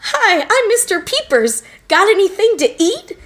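Lady doing a squeaky pudgy clown guy, greedy and pushy, voice way up high. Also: very animated, a little slow, fairly bright tone, full character voice. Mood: eager. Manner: high, demanding, petulant. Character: pudgy little male clown, greedy and bossy.

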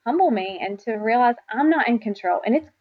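A woman, a podcast guest talking earnestly and reflectively about faith, quick to laugh. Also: a little high, lively intonation. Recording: slightly dull lo-fi sound.

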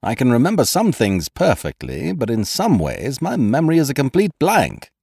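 A man's voice: mid-range voice, huge pitch swings, moderate pace, gravelly, darkish tone, husky, no echo, clean studio sound, pitched above the performer's own voice, heavily acted. A man voicing a stiffly formal young male patient who talks in an odd, precise way. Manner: precise, stiff, pompous speech. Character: prim, oddly formal young male invalid.

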